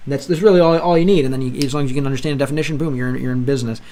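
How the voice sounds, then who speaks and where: Young man, livestream host, casual chat, rambling, slightly high voice. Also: racing, few pauses. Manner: rambling, restarts often, calls viewers bro.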